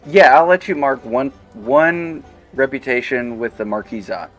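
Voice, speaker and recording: Slow, halting male game master. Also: medium pitch, lively intonation, fairly bright tone, soft background music. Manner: halting, with many fillers and light laughs. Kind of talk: narrating a tabletop game.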